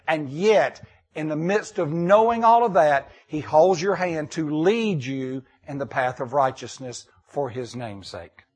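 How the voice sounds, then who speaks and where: A man preaching a sermon, reading scripture and repeating key lines emphatically with dramatic pauses. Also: a little high, animated, a little mellow, husky. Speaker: pastor.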